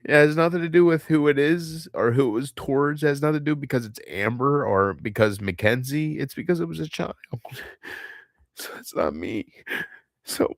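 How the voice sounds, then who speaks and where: A man speaking in an unscripted confessional monologue to his viewers, halting and heavy, often restarting and trailing off. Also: fairly high pitch, lively intonation, vocal fry, no echo, studio quality. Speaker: channel host.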